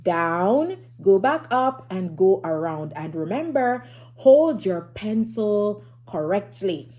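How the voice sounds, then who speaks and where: Woman, children's phonics teacher, slow and very animated, sing-song delivery with hushed asides. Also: medium pitch. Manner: slow, sing-song and encouraging, drops to whispers for suspense. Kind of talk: phonics lesson for young children.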